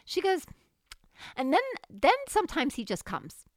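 A woman's voice: sits high, measured pace, no echo, clean studio sound. A woman chatting casually about faith experiences, telling stories animatedly and acting out dialogue with frequent laughs. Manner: animated storytelling, acts out quoted dialogue, laughs often. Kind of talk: casual faith testimony chat.

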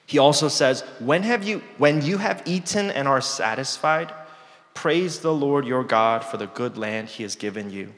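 Earnest young pastor in a reverberant sanctuary. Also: male voice, medium pitch, lively intonation, moderate pace. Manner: earnest, reflective preaching with soft dropped phrases and light self-deprecating humor. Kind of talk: sermon. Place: church sanctuary. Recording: long church hall reverb.

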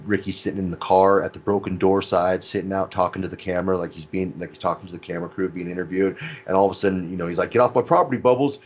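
A man's voice: deep voice, monotone, darkish tone, highs cut off, a little hiss or hum. A man in casual podcast chat who swears, laughs a lot and recounts scenes. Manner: laughing, profane, retells scenes by doing quick voices.

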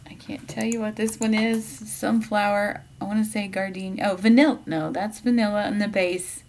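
A woman chatting casually as a podcast co-host. She rambles, loses her thread and picks it back up. Her voice sits at an ordinary pitch. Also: steady tone, normal speed, darkish tone. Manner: chatty, rambling, trails off and restarts. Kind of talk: casual chat.

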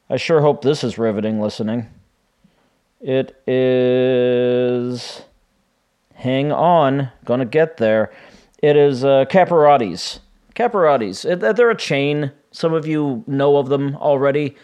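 A man hosting a casual solo podcast, his voice a little raspy and weak after laryngitis, rambling and self-deprecating with many fillers. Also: medium pitch, darkish tone. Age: 40s. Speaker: podcast host. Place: home.

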